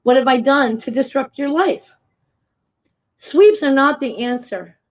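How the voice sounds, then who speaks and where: A woman's voice: sits high, expressive, unhurried. A woman giving public testimony in an indignant, firm manner. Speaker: resident speaking at a public meeting. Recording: dull, lo-fi sound.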